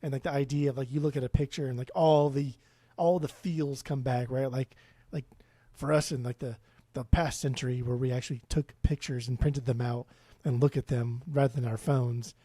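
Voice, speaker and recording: A man's voice: medium pitch, steady tone, moderate pace, dark tone, husky, dry recording. A man co-hosting a casual music podcast, blunt and swearing freely, often restarting his sentences. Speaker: podcast co-host.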